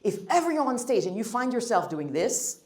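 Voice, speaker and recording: A woman's voice: on the high side, sing-song, brisk, a little mellow. Woman, workshop speaker, blunt and emphatic, jokey asides, roomy echo. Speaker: guest speaker on first impressions. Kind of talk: workshop talk with audience Q&A. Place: meeting room.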